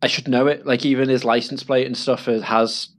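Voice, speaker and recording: A man's voice: medium pitch, steady tone, normal speed. A young man chatting casually, telling a rambling family story with laughs and acted-out quotes.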